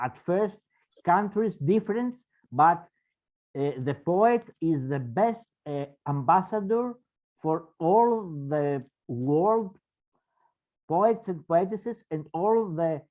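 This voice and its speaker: Man poet, slow and halting, muffled call audio. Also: fairly high pitch, lively intonation. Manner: halting, with many fillers and restarts. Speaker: participating poet. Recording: dull lo-fi video call audio.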